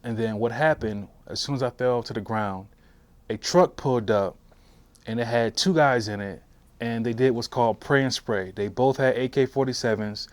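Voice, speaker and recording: A man in his forties, a veteran, telling his story for an oral history interview in a halting way with frequent restarts. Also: mid-range voice, no room sound. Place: interview room.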